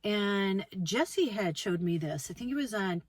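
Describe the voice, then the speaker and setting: A woman in her sixties from Minnesota, rambling relaxed in a casual travel vlog from inside her car, with many fillers. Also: mid-range voice, a little slow, dry recording, low-quality recording. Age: 60s. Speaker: travel vlogger. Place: inside a car on a road trip. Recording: road and engine noise behind.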